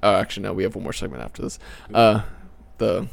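A man's voice: fairly low pitch, expressive, fast, gravelly. A young man hosting a casual podcast with friends, telling rambling stories and laughing often. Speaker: podcast host.

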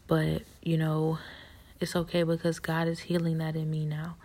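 A woman speaks in a low, flat, husky voice with a gravelly edge, often slipping into a half-whisper. She talks softly and haltingly, giving a personal testimony of faith.

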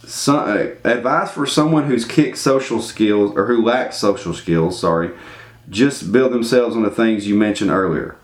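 A man's voice: fairly low pitch, a little slow. A man telling a story in casual talk and acting out the voices in it. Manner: animated, acts out the voices in his story. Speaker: storyteller giving life advice. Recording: echoey room.

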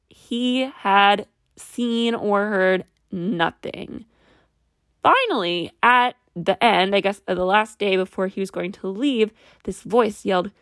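A woman casually narrating an odd mystery tale and breaking in with skeptical, wry comments. Her voice sits at a middling pitch and sounds dry and close to the mic. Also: a bit bright, dry recording. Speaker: storyteller. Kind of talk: casual true-mystery storytelling.

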